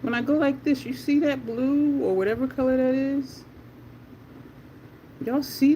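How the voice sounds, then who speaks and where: Excitable chatty beauty livestream host. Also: high voice, unhurried, long pauses, slight background noise. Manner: excitable, chatty, talks to chat as "y'all". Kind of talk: casual livestream makeup swatching. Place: at home in Delaware.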